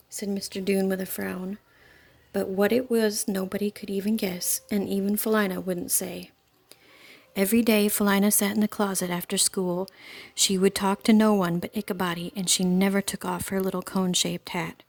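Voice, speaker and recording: A woman reading a children's book aloud in a calm, expressive storytelling voice. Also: medium pitch, normal speed, vocal fry.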